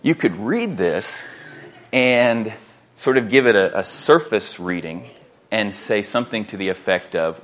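A man's voice: lowish voice, lively intonation, unhurried. A man preaching a sermon as pastor, reading scripture aloud and often repeating words as he works through his thoughts. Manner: earnest, repeats words while thinking, reads scripture aloud.

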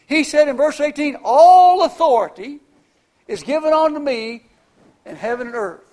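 A man's voice: very high voice, animated, normal speed. An older man preaching a sermon, telling folksy personal stories in a conversational way.

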